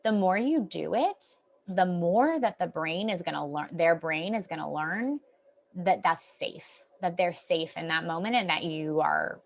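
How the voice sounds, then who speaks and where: A young adult woman therapist giving an informal wellness talk, gentle and reassuring, with frequent ums and restarts. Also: on the low side, a little slow, creaky. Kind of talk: informal lecture.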